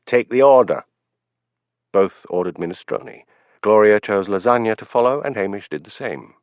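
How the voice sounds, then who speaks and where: A man narrating an audiobook in a measured storytelling manner, in a dull, dry recording. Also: lowish voice, no room sound. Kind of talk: scripted narration.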